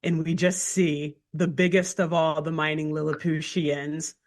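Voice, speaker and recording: Lively woman retelling a cartoon. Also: low-pitched, a little slow. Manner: animated storyteller, frequent "like" fillers. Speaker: podcast co-host. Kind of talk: casual chat, retelling a cartoon episode.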